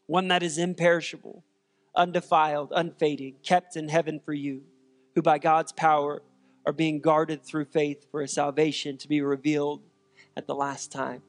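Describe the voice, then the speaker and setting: A man's voice: on the high side, level tone, moderate pace, in a large hall. A male pastor preaching a sermon in an earnest, emphatic way, with repeated refrains.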